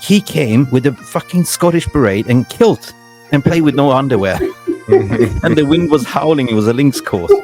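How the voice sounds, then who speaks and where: A man's voice: medium pitch, lively intonation, normal speed, a little mellow. Chatty man, laughing storyteller over music. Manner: chatty storyteller, laughs often, repeats words. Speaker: host. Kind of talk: casual fan chat.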